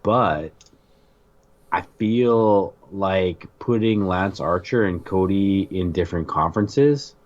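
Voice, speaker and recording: A man co-hosting a casual wrestling podcast, speaking in a measured way as he thinks aloud. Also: sits low, darkish tone. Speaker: podcast co-host. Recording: dull lo-fi audio.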